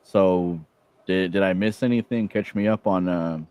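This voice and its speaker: A man asking questions in a relaxed way on a live stream. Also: low-pitched, normal speed, clean tone. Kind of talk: casual live-stream talk.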